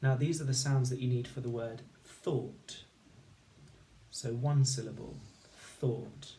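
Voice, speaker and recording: A man teaching a recorded phonics lesson, sounding out words slowly and clearly, one sound at a time. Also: mid-range voice, fairly even intonation, warm tone, a little hiss or hum. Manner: slow, clear, patient instruction with sound-by-sound segmenting. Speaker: primary school teacher.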